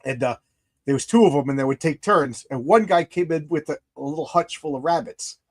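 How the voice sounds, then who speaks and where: A man's voice: a little high, a little fast. A man in casual chat, telling rambling anecdotes and acting out the people in them. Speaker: podcast host, comic artist.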